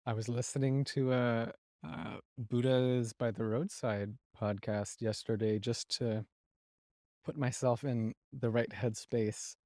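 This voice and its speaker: A man's voice: mid-range voice, steady tone, darkish tone, no echo, clean studio sound. A man who is a guest on a podcast, chatting in a playful, easygoing way over a video call. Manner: playful, easygoing, quick to laugh. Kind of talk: casual chat.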